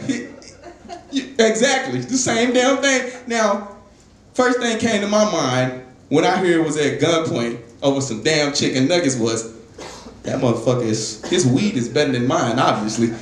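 At an open mic in a jazz club, a young stand-up comedian tells a loose, profane story in a fairly high voice at normal speed. The club sounds roomy, with faint ambience in the background.

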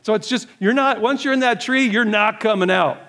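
A man's voice: high-pitched, fairly quick, bright, forceful tone. A male pastor preaching a sermon in an urgent, pleading way, repeating short commands. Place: church service.

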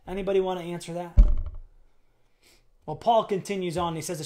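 High-voiced pastor guy preaching, gets big and emphatic, lots of questions to the church. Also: fairly even intonation, moderate pace, long pauses, a little mellow. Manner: preaching with rising, emphatic build-ups and rhetorical questions. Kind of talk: sermon.

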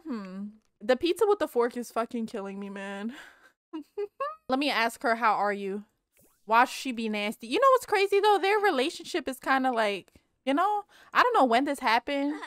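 A woman giving casual, animated commentary on her game, talking straight to viewers, swearing and laughing often. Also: a little high, no echo. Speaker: Let's Play creator.

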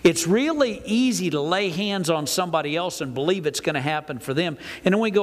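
An older man preaching a folksy, animated sermon to his congregation. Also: a little high, fairly quick, few pauses. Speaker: pastor. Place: church sanctuary. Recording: reverberant church hall.

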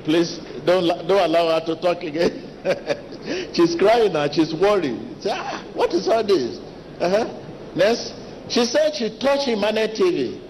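A man preaching a sermon as pastor, talking to the congregation directly, animated and repetitive. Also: high voice, a little hiss or hum. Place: large church hall. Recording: long church reverb with faint ambience.

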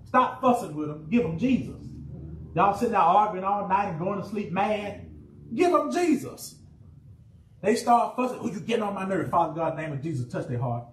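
A fervent pastor preaches in a high, ringing voice, throwing refrains back and forth with his congregation. The sound is roomy and a little distant, with a faint hum of church ambience behind him. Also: moderate pace. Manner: preacherly call-and-response, rising excitement, shouted refrains. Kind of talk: sermon. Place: church sanctuary.

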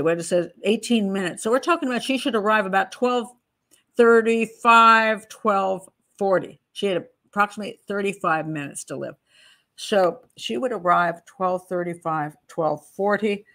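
A woman's voice: mid-range voice, fairly bright tone. A middle-aged woman hosting a true crime channel, walking through a case file in a chatty, digressive way and laughing at her own asides. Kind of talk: casual case walkthrough, reading statements aloud.

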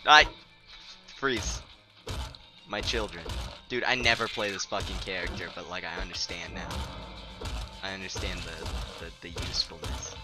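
A young man giving casual, profane commentary while playing a game. He sounds tired and sleep-deprived, and his mumbling breaks into sudden loud outbursts. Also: medium pitch, a little slow, pauses often. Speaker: gameplay commentator. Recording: game music playing underneath.

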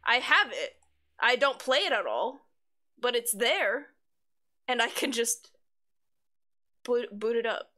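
A woman's voice: a little high, sing-song, takes it slowly, long pauses, pushed and bright. A woman live streamer in casual chat, reading her chat aloud, swearing freely and giggling often. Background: faint background music.

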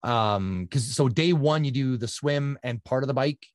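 A middle-aged man from Canada, a guest telling his story in a casual, animated way and acting out quotes. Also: medium pitch, moderate pace, dry recording, clean studio sound. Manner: animated, conversational, acts out quotes.

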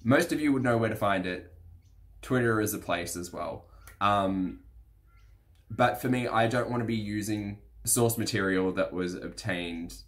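A man with a slightly croaky, congested voice hosts a casual commentary vlog, talking straight to camera. He speaks slowly and hesitantly, with plenty of fillers, in a low voice. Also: a bit bright. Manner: measured, hesitant with many fillers. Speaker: reaction channel host.

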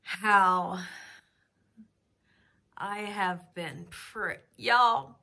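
A woman's voice: mid-range voice, bright, forceful tone. A woman, talking in a heartfelt, emotional way in a casual home vlog, close to the camera. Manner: heartfelt, slow and drawn-out, emotional. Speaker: cooking channel host. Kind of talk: casual personal vlog talk. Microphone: camera very close to her face.

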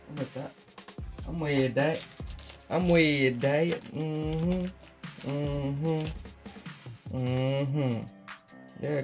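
A man's voice: medium pitch, vocal fry. A man giving casual, sweary running commentary while opening card packs, muttering and joking to himself. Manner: sweary, muttering, jokey asides. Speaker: card pack opener.

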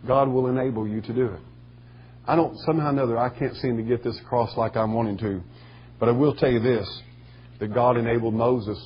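A man preaching a sermon in a folksy storytelling way, with a husky voice. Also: mid-range voice, steady tone, brisk, dull audio. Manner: folksy storytelling, rising to shouting bursts. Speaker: pastor.

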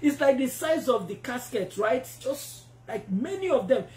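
A woman preacher telling a testimony in a sermon, animated and acting out the voices she quotes. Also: sits high, a little slow. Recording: roomy echo.

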